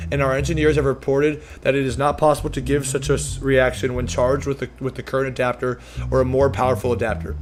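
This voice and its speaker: A man's voice: mid-range voice, close to an everyday voice. A man voicing a defensive corporate spokesman in a video game, reading formal lines with stumbles, with faint music behind.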